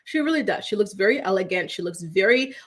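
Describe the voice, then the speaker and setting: A woman in her thirties hosting a casual gossip show. She talks to her viewers in a chatty, animated way, keeps asking "right?", and slips into mock voices when quoting people. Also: mid-range voice, fast talker. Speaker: host.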